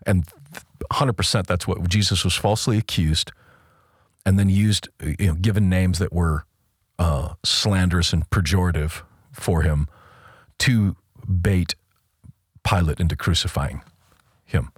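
A low-voiced man with a husky edge, co-hosting a casual faith discussion. He talks emphatically and circles back over his words as he thinks. The sound is close and dry. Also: unhurried, pauses often, dry recording. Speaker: podcast co-host.

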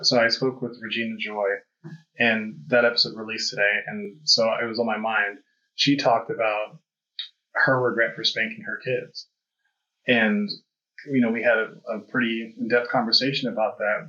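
A man's voice: medium pitch, pushed and bright. A man hosting a podcast, talking candidly and reflectively, with frequent fillers. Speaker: podcast host. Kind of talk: casual conversation. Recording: dull lo-fi audio.

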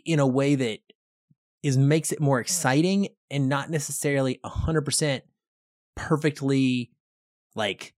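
A man's voice: medium pitch, dry recording, clean studio sound. Man chatting casually about films. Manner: animated, acts out quoted lines. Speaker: podcast co-host. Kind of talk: casual film discussion.

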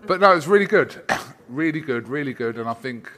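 Bright-voiced man, teasing. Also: medium pitch, expressive, fairly quick. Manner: teasing, playful banter. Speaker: sports interviewer. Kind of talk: casual interview chat.

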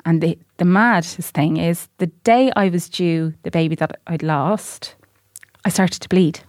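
A woman's voice: fairly low pitch, a little slow, dry recording, studio quality. An Irish woman, a podcast guest, telling a personal story in casual chat and acting out the voices of people in it. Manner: animated storyteller, acts out quoted voices.

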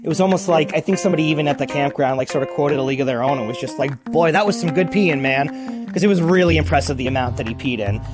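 A man telling a casual spoken anecdote, acting out voices and sounds in a lively way. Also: a little high, racing, hardly any pauses, loud music behind the voice. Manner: animated, acts out voices and sounds. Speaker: guest storyteller.

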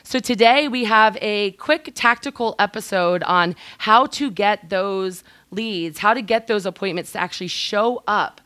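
A woman's voice: mid-range voice, unhurried, hardly any pauses, bright, forceful tone, dry recording. A woman hosting a business podcast, upbeat and steering the conversation. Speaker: podcast host. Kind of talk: casual podcast chat.

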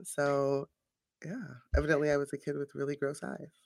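A woman's voice: deep voice, steady tone, moderate pace, gravelly, a little mellow, dry recording, studio quality. A woman physician co-hosting a podcast, chatting casually and playfully, often breaking into laughter. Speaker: podcast co-host, internist physician. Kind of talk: casual chat.

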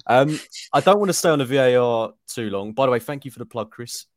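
A man hosting a football podcast, talking in a quick, wry way. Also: mid-range voice, animated, dry recording, clean studio sound. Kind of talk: casual football podcast chat.

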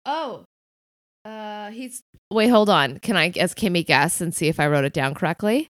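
A woman's voice: on the low side, animated, normal speed, a bit bright, dry recording, studio quality. A woman player at a tabletop game, chatting casually in a playful, self-mocking way.

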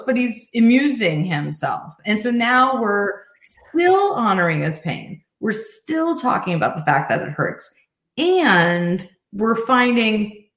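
A middle-aged woman, a life coach, telling a personal story in an earnest, reflective way with soft laughs. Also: medium pitch. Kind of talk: conversational interview storytelling. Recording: echoey room.

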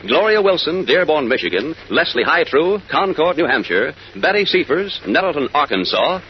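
A man announcing on an old radio show, reading out a list in a brisk, rhythmic way. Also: fairly high pitch, very animated. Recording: dull hissy old radio recording.

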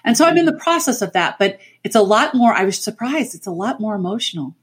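Middle-aged woman, guest on a chat show, animated storyteller, laughs easily, average pitch. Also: quick pace, breathy edge. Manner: animated, laughs while telling stories. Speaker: podcast guest. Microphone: remote call mic.

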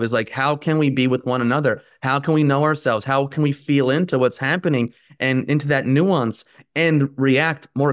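A man's voice: medium pitch, no echo, clean studio sound. A man hosting a podcast, talking thoughtfully and searching for his words, with frequent fillers. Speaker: podcast host. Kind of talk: reflective conversational talk.

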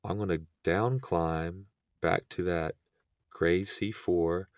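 A young man speaks low with a rough, creaky edge to his voice. He recounts events as a podcast guest in a relaxed, rambling way, with plenty of fillers. The sound is dry and close, with no room echo. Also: slow. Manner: relaxed, filler-heavy retelling. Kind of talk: casual storytelling.

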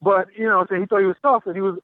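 A man with a high, steady voice races through his story as he calls a talk show from a gym. He acts out the dialogue of a confrontation with animation, and the tinny phone line is dry, without echo.

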